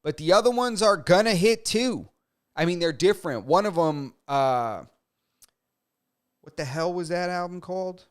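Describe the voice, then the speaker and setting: A young man on a casual podcast, talking in a loose, joking, slang-heavy way. His voice is clear and smooth. It sits a little higher than most men's. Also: moderate pace. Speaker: podcast co-host. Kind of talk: casual chat.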